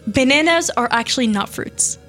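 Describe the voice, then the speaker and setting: Giggly teen girl rambling on a school radio show, high voice, lots of likes. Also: animated, moderate pace, fairly bright tone, faint music behind. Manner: giggly, rambling, full of fillers. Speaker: host. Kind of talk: casual chat. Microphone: school radio show mic.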